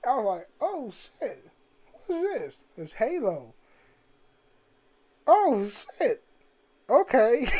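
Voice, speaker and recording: A man's voice: high voice, warm tone. Profane rambling male gaming vlogger. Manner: profane, rambling, laughs often. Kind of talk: casual rambling monologue. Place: at home.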